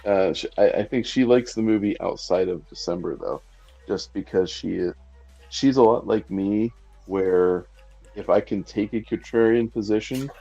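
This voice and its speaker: A man with a low, husky, mellow voice joins a casual stream chat and drops dry, contrarian jokes. His dull lo-fi audio has faint music underneath. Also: a little slow. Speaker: stream guest.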